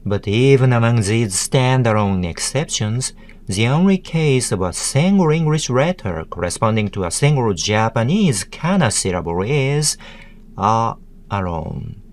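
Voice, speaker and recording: Slow, deliberate male tutorial narrator. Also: mid-range voice, sing-song. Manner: slow, deliberate, spells out words syllable by syllable. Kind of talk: scripted educational narration.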